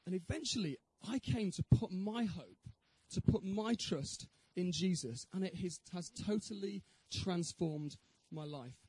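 A man's voice: high voice, lively intonation, a little slow, hardly any pauses, darkish tone, breathy edge, poor audio. A man giving an evangelistic talk with his personal testimony, earnest and posing questions to the audience. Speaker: speaker giving a Christian talk.

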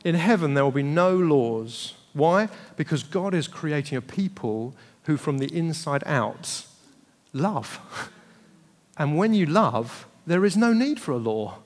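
A man preaching as a pastor, animated and acting out family dialogue with laughter. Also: a little high, measured pace. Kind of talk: sermon. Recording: long hall reverb.

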